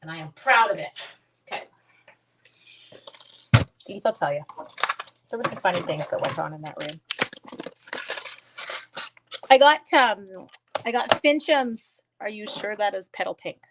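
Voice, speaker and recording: A woman's voice: mid-range voice, lively intonation, a little slow, long pauses. A woman hosting a crafting livestream, chatting casually with viewers and teasing herself while she works. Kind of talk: casual crafting chat, reading viewer comments. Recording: faint background noise.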